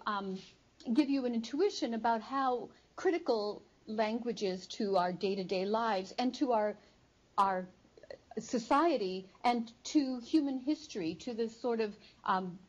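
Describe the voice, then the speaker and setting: A woman's voice: medium pitch, a little mellow. Woman lecturing, slightly muffled recording. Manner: measured, explanatory, frequent um and uh fillers. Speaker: psychology professor. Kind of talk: academic lecture. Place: studio before a live audience.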